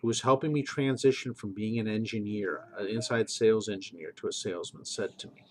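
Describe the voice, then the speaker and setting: A man's voice: on the low side, fairly quick, darkish tone, a little hiss or hum, poor audio. A middle-aged man and game master, talking earnestly in a preachy monologue and repeating phrases for emphasis.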